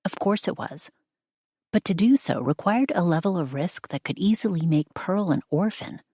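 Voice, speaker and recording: A woman narrating an audiobook in a steady, measured storytelling manner. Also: lowish voice, husky, dry recording, clean studio sound. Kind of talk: scripted narration.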